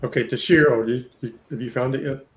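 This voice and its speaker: A man's voice: medium pitch, fairly even intonation, a little fast. A middle-aged man co-hosting a casual chat, reading out viewer comments and going along easily with the others. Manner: laid-back, agreeable, laughs easily.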